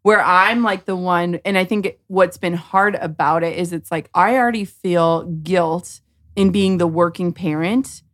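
Woman, 30s, podcast guest; lively storyteller, lowish voice. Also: unhurried. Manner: animated storyteller, acts out quotes. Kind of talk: casual podcast chat.

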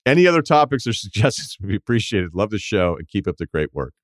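Wry low-voiced man hosting a podcast. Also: sing-song, fast, dry recording, clean studio sound. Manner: wry, profane, riffing asides. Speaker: podcast host. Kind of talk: casual chat, reading a listener email.

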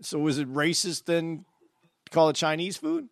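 A man's voice: a little high, big pitch swings, moderate pace, creaky, dry recording, clean studio sound. A man who is a comedian, chatting casually and hedging his points, saying again and again that he is only asking. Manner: hedging, keeps repeating that he is just asking. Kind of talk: casual podcast chat.

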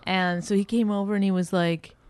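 A middle-aged woman comedian co-hosting a casual chat, telling stories with animation and leaping into a high voice when she quotes people. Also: steady tone, fairly quick, darkish tone, clear, resonant tone. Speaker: podcast co-host and comedian.

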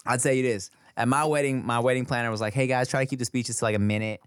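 A man co-hosting a podcast, chatting casually and swearing in a relaxed way. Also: medium pitch, fast, clear, resonant tone, no room sound, clean studio sound. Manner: laid-back, swears casually, lots of listening backchannel. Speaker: podcast co-host. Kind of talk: casual chat.

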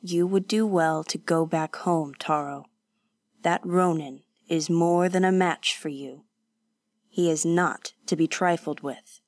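A woman's voice: fairly low pitch, measured pace, a little mellow, dry recording, clean studio sound, close to an everyday voice. A woman voicing a blunt, scolding old male woodseller who lectures a young man in a storybook reading. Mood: gruff.

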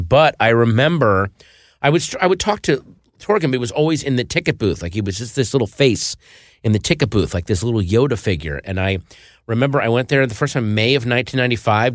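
A man, a guest comedian, telling stories in animated casual chat and acting out gruff quotes. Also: fairly low pitch, dry recording, clean studio sound.

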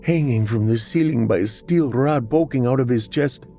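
A man narrating a dramatic story in the first person, with expressive, emotional delivery. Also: medium pitch, normal speed, soft background music.

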